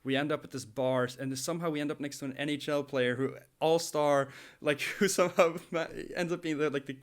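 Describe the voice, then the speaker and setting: A young man telling a story in a casual podcast chat, animated and laughing often, with many restarts. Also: on the high side, a little fast, clean tone. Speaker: podcast co-host.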